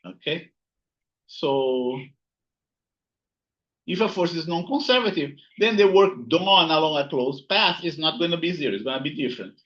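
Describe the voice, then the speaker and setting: A man's voice: a little high, expressive, normal speed, long pauses, fairly bright tone, lo-fi sound. A man teaching a physics lesson, working through notes, repeating key words and checking in with "right?" and "here you go". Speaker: physics instructor. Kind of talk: recorded lecture while writing notes.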